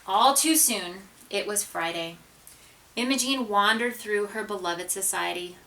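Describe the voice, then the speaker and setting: A woman reading a children's picture book aloud, with expressive, dramatic narration and hushed asides. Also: medium pitch, unhurried, far from the mic, slight background noise, rough recording. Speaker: storybook reader.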